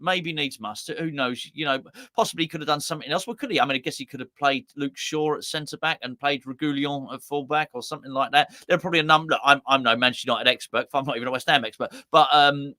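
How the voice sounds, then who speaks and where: A man hosts a live watch-along for a football fan channel, talking quickly at a medium pitch with a sharp tone and no echo. He chats loosely, reads viewer comments aloud, stammers and restarts often, and is rambling and self-deprecating.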